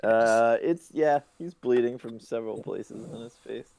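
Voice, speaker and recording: A man running a tabletop game as game master, narrating in a halting, hesitant way over an online call. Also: medium pitch, vocal fry, a little mellow.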